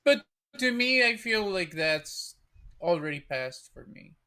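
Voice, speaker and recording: A woman in her thirties in casual chat, hosting, talking in a halting, hesitant way full of fillers. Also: lowish voice, expressive, pushed and bright. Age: 30s. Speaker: host.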